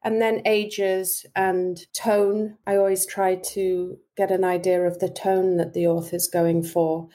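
A woman from Britain talks as a podcast guest with a mellow, lowish voice. She explains her audiobook craft thoughtfully and often pauses on fillers. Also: level tone. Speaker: guest, actress and audiobook narrator. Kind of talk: interview conversation.

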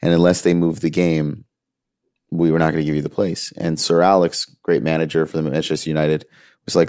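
Interview guest: man, very low voice, earnest and animated storyteller, dry close sound. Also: a little fast, no room sound. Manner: earnest, animated retelling with quoted dialogue. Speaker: music manager, interview guest.

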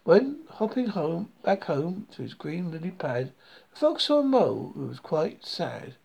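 A storyteller reading a rhyming children's book aloud in a slow, singsong way. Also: mid-range voice, big pitch swings, gravelly, a little mellow, breathy edge.

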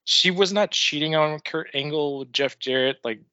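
A man's voice: a little high, normal speed, heavy background noise. A man co-hosting a podcast in casual chat, talking in a chatty, profane way and laughing at his own stories. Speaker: podcast co-host. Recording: dull lo-fi dry recording.

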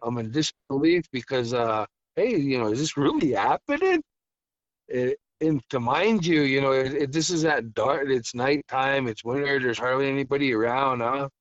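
A man from the Blackfeet reservation telling a ghost story as a podcast guest, halting, with many fillers and restarts. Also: mid-range voice, no echo, highs cut off. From Blackfeet reservation, Montana, US.

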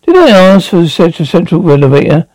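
A man's voice: fairly high pitch, sing-song, brisk, a little mellow, no echo, poor audio. A man doing an exasperated, impatient man. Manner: exasperated, raises voice in outbursts.

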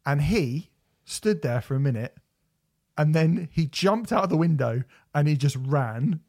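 A man co-hosting a podcast, telling animated stories in casual chat, swearing and laughing often. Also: fairly high pitch, a little slow. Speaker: podcast co-host.

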